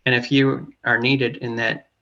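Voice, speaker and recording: A man's voice: mid-range voice, little pitch movement, sharp tone, highs cut off, slight background noise. A man hosting an interview, chatting casually and encouragingly, acting out little quotes as he goes. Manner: encouraging, speaks in quick bursts with acted-out quotes. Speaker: interview host.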